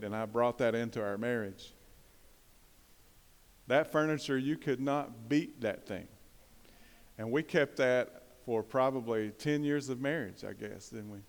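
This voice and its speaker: A man's voice: medium pitch, clear, resonant tone. A man preaching a conversational sermon, putting questions to the congregation and pressing points with bursts of emphasis. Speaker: pastor. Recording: long hall reverb.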